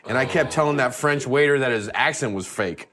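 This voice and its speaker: A man, a guest comedian, in a casual chat who tells relaxed, wry stories. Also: mid-range voice, brisk.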